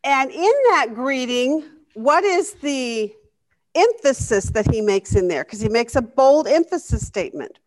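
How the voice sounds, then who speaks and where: A woman's voice: high-pitched, lively intonation, measured pace. A woman leading a Bible study lesson, asking the class questions and reacting with enthusiasm.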